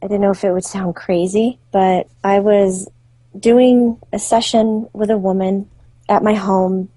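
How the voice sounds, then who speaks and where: A woman's voice: medium pitch, steady tone, a little slow, mellow, no room sound. A woman being interviewed as a psychic author, telling vivid stories with laughter and acted-out voices. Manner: vivid, acts out quoted voices, laughs often. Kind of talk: animated storytelling in an interview.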